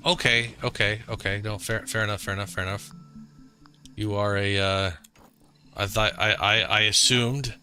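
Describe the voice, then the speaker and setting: A man streaming a co-op game, giving casual, excitable commentary and joking reactions as he plays. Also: on the low side, normal speed, soft background music. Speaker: gamer streaming co-op.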